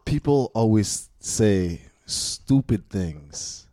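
A young Canadian man co-hosting a casual podcast, animated and ranting, swearing often. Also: lowish voice, extremely slow, no room sound, studio quality. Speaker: podcast co-host.

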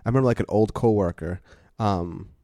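Low-voiced laid-back young man. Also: fairly quick, warm tone, no echo, studio quality. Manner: laid-back, agreeing, chiming in. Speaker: podcast co-host. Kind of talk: casual podcast chat.

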